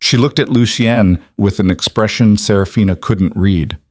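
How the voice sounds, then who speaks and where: A man with a low voice reading a mafia story as scripted narration, measured and even. The recording is dry and close, with no room sound. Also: no echo.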